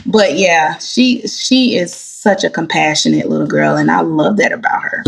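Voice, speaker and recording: A woman, a gospel singer, chatting as a guest and telling heartfelt stories with animated delivery. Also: lowish voice, normal speed, creaky. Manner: animated, heartfelt storyteller, addresses listeners as y'all. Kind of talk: casual interview chat.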